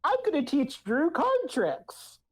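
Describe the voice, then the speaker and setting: A woman's voice: sits high, huge pitch swings, takes it slowly, rough recording. A woman player in a tabletop game, cheerful and chatty. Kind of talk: tabletop role-play.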